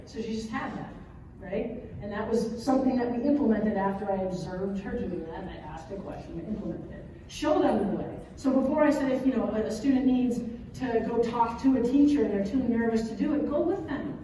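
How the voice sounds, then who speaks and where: A woman in her thirties, an educator, giving a chatty, animated conference talk and often checking in with the audience. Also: on the high side, noisy background. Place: large hall at an educators' conference. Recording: echoey hall from far off.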